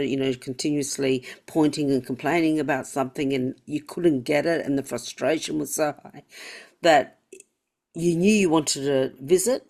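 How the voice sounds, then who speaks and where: A woman's voice: extremely low pitch, vocal fry, a little mellow. A woman hosting a podcast interview, empathetic, asking long and thoughtful questions. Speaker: podcast host. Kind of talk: conversational interview.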